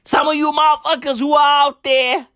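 A woman's voice: high-pitched, little pitch movement, moderate pace, fairly bright tone. A woman delivering a satirical comedic rant, sarcastic and profane, who keeps tossing in "right?".

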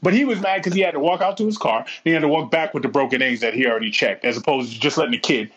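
A man's voice: mid-range voice, rapid-fire, fairly bright tone, lo-fi sound, a little hiss or hum. A man co-hosting a podcast, telling stories casually with lots of swearing and laughter, acting out the people in them. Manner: profane, laughing, acts out voices in his stories. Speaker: podcast co-host. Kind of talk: casual storytelling chat.

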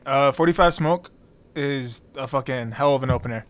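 Male co-host, mid-pitched, relaxed, casual profanity. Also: moderate pace. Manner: laid-back, swears casually, stammers on restarts. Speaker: podcast co-host. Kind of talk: casual album review chat.

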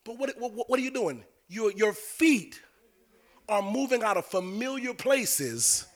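A man preaching a sermon in a sing-song cadence that rises into shouting. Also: high-pitched, lively intonation, a little slow.

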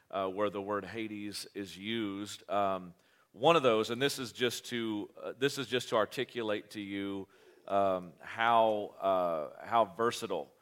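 A man with a fairly low voice talks through scripture in a relaxed, unscripted way. He wanders, restarts sentences and drops in blunt asides. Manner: rambling, many fillers and restarts, blunt asides. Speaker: co-host of a Bible study podcast. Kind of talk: casual Bible teaching talk.

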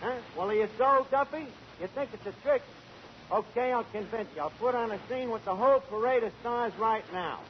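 An actor playing a brash, fast-talking tavern manager in a 1940s radio comedy, mangling his grammar. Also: extremely high pitch. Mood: wisecracking. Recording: hissy lo-fi old radio broadcast.

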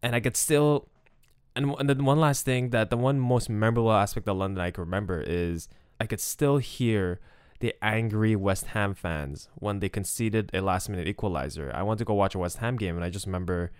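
A man's voice: fairly low pitch, brisk, smooth, no echo. Chatty man hosting a podcast, dry close sound. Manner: chatty and rambling, with frequent restarts and laughs. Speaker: podcast host. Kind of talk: casual solo podcast monologue.

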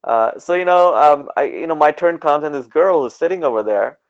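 A man from Canada, a podcast guest, telling stories in a casual, animated way and acting out the people he quotes. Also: a little high, fairly quick. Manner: animated, acts out dialogue in quoted voices, laughs often. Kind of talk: casual storytelling in a podcast interview. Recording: dull lo-fi podcast audio.

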